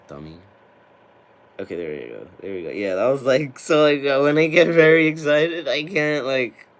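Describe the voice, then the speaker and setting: Excitable young man with a lowish voice. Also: a little hiss or hum. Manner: excitable, laughs often, swears casually. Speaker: tarot reader hosting a spiritual channel. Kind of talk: casual chat to camera.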